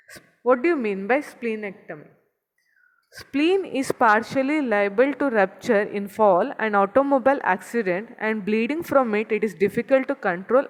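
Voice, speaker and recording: Woman teaching anatomy in a reverberant hall. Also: fairly high pitch. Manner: explains step by step, points at a figure, repeats key terms. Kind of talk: recorded anatomy lecture.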